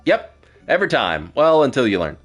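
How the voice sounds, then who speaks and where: A man's voice: medium pitch, sing-song, a little fast, faint music behind, pitched above the performer's own voice. A man voicing a teasing, all-knowing star being with a playful, smug way of talking.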